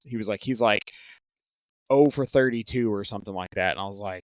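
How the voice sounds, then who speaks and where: A man's voice: medium pitch, fast, clean tone, no echo. A man telling tournament stories in casual podcast chat, rambling with many fillers and restarts. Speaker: tournament organizer, guest. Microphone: headset.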